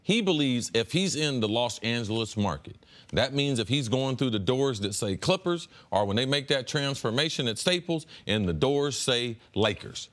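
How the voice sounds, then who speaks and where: A man talks sports in a casual debate. His pitch swings widely as he explains himself, with a lively, easygoing manner. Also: moderate pace. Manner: lively, wide-ranging pitch, laughs easily. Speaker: sports talk show co-host.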